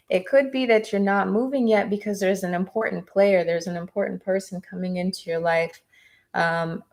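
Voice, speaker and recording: A woman's voice: on the low side, creaky, darkish tone. A woman giving live-stream tarot readings, chatting with viewers in an encouraging way. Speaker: tarot reader.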